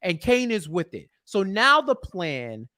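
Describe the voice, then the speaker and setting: A man co-hosting a TV recap podcast in casual chat, joking and animated, often restarting his sentences. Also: high-pitched, unhurried. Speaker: podcast co-host.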